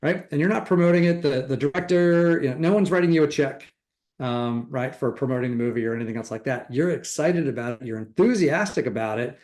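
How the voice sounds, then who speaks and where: A man's voice: mid-range voice, brisk, a little mellow. A middle-aged man giving a motivational real estate training talk, enthusiastic and acting out quoted chatter.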